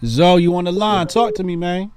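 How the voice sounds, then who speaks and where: A man's voice: high voice, steady tone, normal speed, a crowd in the background. A man hosting a call-in show, giving emphatic, preachy political commentary and repeating points for stress.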